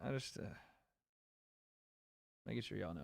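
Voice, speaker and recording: A man's voice: lowish voice, a little slow, gravelly. A man hosting a casual livestream, talking animatedly and boastfully, swearing freely, with a light Southern American accent. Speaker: streamer host.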